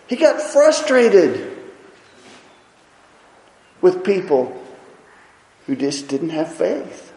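A man preaching a sermon with impassioned, emphatic delivery, swinging between loud and soft. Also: sits high, big pitch swings, extremely slow, pauses often. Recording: echoey hall.

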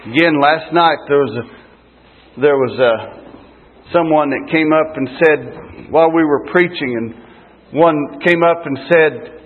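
Male street preacher, slightly high husky voice, slow deliberate delivery, tinny phone-like recording. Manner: slow, emphatic preaching with dramatic pauses. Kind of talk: sermon.

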